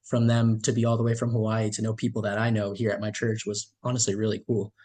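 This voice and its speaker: A man's voice: fairly low pitch, monotone, fast, a little mellow. A man who is a youth leader and hospitality worker, telling stories as a podcast guest in an enthusiastic, grateful way with frequent restarts. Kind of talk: casual storytelling in an interview.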